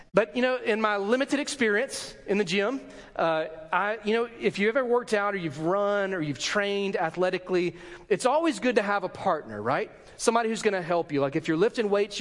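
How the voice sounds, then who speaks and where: A man with a high voice preaches a sermon, pressing each point with emphasis and slipping into the voices of the people he quotes. His words ring out with a long hall reverb around them. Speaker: pastor.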